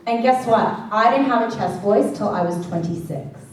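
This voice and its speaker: On the high side and at a moderate pace, a woman leads a worship singing class in a classroom or church hall. She chats playfully and sings short vocal exercises as examples, using a handheld mic. The room is echoey, the recording distant, and faint background noise is present.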